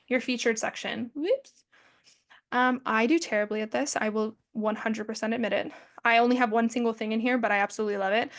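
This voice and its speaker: A woman's voice: fairly high pitch, fairly quick. A woman in her twenties giving a casual, friendly presentation with lots of fillers. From American Midwest family. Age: 20s. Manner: chatty, friendly, peppered with fillers. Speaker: social media presenter.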